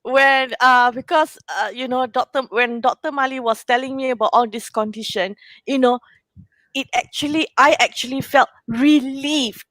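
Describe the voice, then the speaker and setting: A Singaporean woman with a high voice talks as a guest in a casual chat. She speaks in an emotional, heartfelt way, leaning on "you know" again and again. The sound is close and dry. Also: steady tone, moderate pace, fairly bright tone, dry recording, low-quality recording. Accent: Singaporean English.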